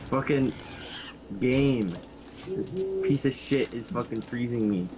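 Irish guy raging and cursing at a game, voice chat buried in loud hiss, mid pitch. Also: slow. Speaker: gamer raging over voice chat. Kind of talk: casual profane gaming chat. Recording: loud noisy low-quality voice chat.

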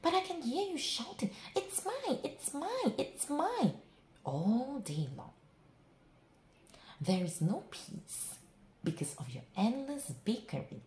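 A woman's voice: high voice, very animated, slow, a little mellow, reverberant, slight background noise, voice pushed up, full character voice. Woman doing a large scolding toad. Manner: scolding, fed up. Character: large grumbling male toad neighbor.

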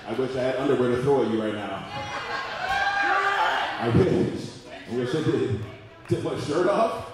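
A man in his forties doing a loud, profane stand-up comedy routine at a live venue. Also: medium pitch, lively intonation, normal speed. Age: 40s. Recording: echoey room, mic far off, audience noise.

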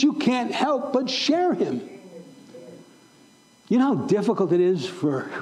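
A male pastor with a high, mellow voice preaches in a church sanctuary. He presses his points by firing the same question at the congregation again and again. His delivery is emphatic and heartfelt. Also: poor audio. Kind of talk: sermon.

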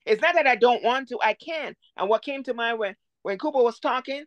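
Earnest middle-aged lady at bible study, bit high, dry sound over a video call. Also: a little fast, no room sound, lo-fi sound. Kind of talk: casual Bible study discussion.

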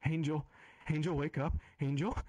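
A man's voice: a little high, fairly even intonation, normal speed, warm tone, pitched above the performer's own voice, natural voice. A man voicing a desperate young mother who pleads with her child, in a role-play story. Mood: pleading, urgent. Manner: urgent, pleading.

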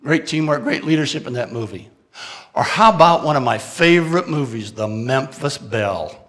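A man telling a dramatic story as a keynote speaker to an audience. He asks the listeners questions and moves from loud, urgent bursts to hushed, confessional lines. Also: mid-range voice, animated, moderate pace, long reverb tail.

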